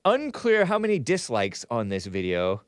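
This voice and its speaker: A man's voice: medium pitch, wildly swooping pitch, normal speed, clear, resonant tone, no room sound, clean studio sound. A male show host giving rambling, sarcastic commentary, chuckling between remarks as he reads from a chat.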